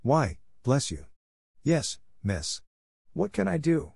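A good-natured, working-class baker woman rambles on in a homely, ungrammatical way, as a male storybook reader puts her on. His voice stays fairly low and the recording is dry and close. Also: lively intonation, brisk, darkish tone, no echo. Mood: warm. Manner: homely, chatty, ungrammatical dialect.

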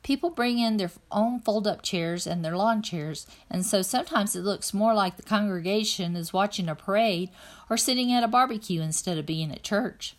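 A woman reading a children's novel aloud in an even, plain first-person narration. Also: medium pitch, moderate pace. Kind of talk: read-aloud storytelling.

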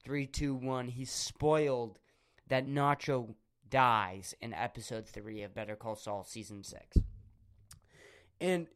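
Slow-talking young man rambling crude. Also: mid-range voice, fairly bright tone, clear, resonant tone. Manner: rambling, crude, absurd storytelling. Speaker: podcast host. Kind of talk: casual podcast monologue.

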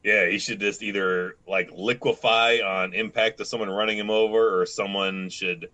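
A man's voice: on the low side, steady tone, moderate pace, bright, forceful tone. A man co-hosting a podcast in casual chat, spinning out long scenarios and swearing. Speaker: podcast co-host.

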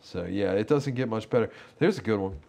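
A man's voice: lowish voice, expressive, fairly quick, vocal fry, warm tone. A man co-hosting a casual chat about movies, rambling and amused, laughing often.

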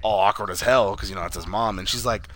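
A man's voice: fairly low pitch, fast talker, a loud crowd. A man co-hosting a casual movie review podcast, animatedly retelling scenes, acting out quoted lines and swearing a lot. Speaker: podcast co-host.

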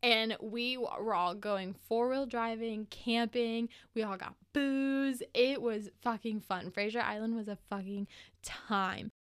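A woman's voice: on the high side, fairly even intonation, measured pace, smooth. A young woman in her twenties telling travel stories in a casual, profane, gushing way, full of "like" fillers. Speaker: vlogger. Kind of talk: casual storytelling.

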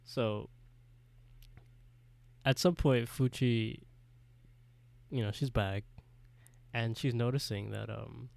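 A man's voice: mid-range voice, fairly even intonation, slow pace, creaky, long pauses, a little mellow, dry recording. A man co-hosting a podcast, retelling a horror story in casual chat and laughing often as he goes. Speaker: podcast co-host.

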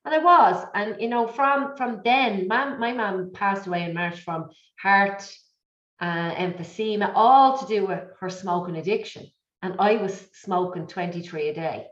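A middle-aged woman speaking as an interview guest, telling her story in an emotional, repetitive, animated way. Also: mid-range voice, unhurried. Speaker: guest, business coach. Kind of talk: candid conversational interview. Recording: echoey, dull lo-fi audio.

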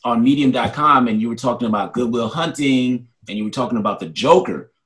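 A man's voice: medium pitch, a little fast, a bit bright. Upbeat, inquisitive male podcast host. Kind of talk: casual interview chat.

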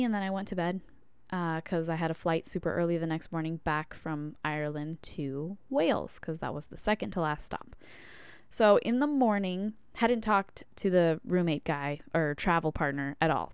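A woman podcast host telling a personal story, candid and chatty with plenty of "like"s. Her voice sits a little low and is very smooth and clean. The sound is dry and close. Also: dry recording. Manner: candid and chatty, many "like"s and fillers. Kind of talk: casual storytelling monologue.

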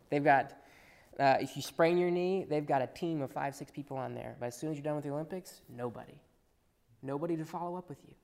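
Animated preacher in a reverberant hall. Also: male voice, fairly high pitch, vocal fry. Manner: animated, swings between loud emphasis and quiet asides. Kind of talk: sermon. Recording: long reverb in a large hall.

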